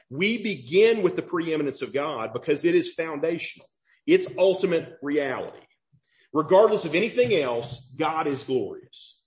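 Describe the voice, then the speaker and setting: Guy preaching a sermon, kinda high voice, chatty, keeps asking okay? right?, goes slow and low on the bible verses. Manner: conversational preaching with frequent "okay?" and "right?" checks; slows and drops low for quoted scripture. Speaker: pastor.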